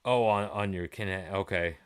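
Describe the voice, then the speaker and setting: A man's voice: sits low, normal speed, smooth. A man in his forties hosting a gaming live stream, chatting with viewers in a rambling, laid-back way and swearing freely.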